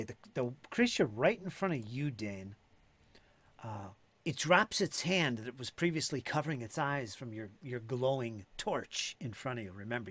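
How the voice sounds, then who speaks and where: A man narrating and explaining rules as game master in a live-play tabletop game, casual and steady. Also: mid-range voice.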